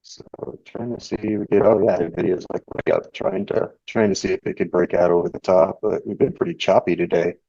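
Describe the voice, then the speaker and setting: Deep-voiced man chatting on a stream. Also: no room sound. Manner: relaxed and rambling, reading chat and charts aloud. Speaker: live trading show host. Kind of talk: casual live-stream chat. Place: home indoors. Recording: dull, dry lo-fi stream audio.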